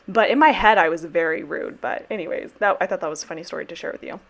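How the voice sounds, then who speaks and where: A woman's voice: on the low side, fast, creaky, fairly bright tone. A young woman giving a casual, chatty voiceover about her planner, bubbly and rambling, with slang and the odd swear word. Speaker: planner vlogger and sticker shop owner.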